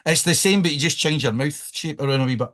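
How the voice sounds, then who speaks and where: A man's voice: a little high, quick pace, a bit bright. A Scottish man hosting a podcast, joking and rambling in casual banter. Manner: joking, rambling, laughs often. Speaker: podcast host.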